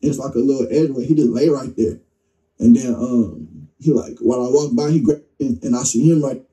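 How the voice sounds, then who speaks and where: This interview guest speaks at a normal speed in a mid-range voice, casually telling his story with slang and reenacting what others said. The rough recording was made from a distance.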